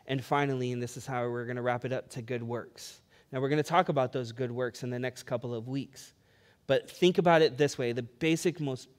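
A man's voice: medium pitch, a little mellow. A man preaching a sermon as pastor, conversational and storytelling, building emphasis as he speaks.

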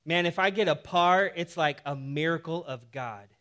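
A male pastor preaching a sermon in a casual, animated way, mixing humor with scripture. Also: a little high, moderate pace.

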